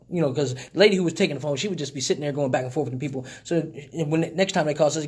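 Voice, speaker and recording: A man's voice: a little high, expressive, quick pace, few pauses, slightly rough. A man hosting a casual live stream, talking loosely and profanely, joking with viewers. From Michigan.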